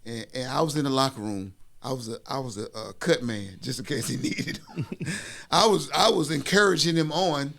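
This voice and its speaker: A man's voice: mid-range voice, moderate pace. A man, a guest on a casual podcast, telling profane, laughing stories about old friends to his buddies. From Atlanta area, Georgia. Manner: profane, laughing, animated storyteller. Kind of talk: casual storytelling among friends.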